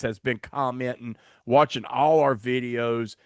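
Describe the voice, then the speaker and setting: A man's voice: medium pitch, steady tone, slow, no room sound, clean studio sound. A man hosting a podcast in casual chat, rambling and self-deprecating as he fumbles along. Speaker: podcast host.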